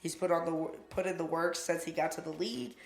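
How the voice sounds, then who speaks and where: Hoarse young man with a gravelly voice. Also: a little high, fast. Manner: laid-back, laughs easily. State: hoarse, voice nearly gone. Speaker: podcast co-host. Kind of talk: casual chat. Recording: echoey room.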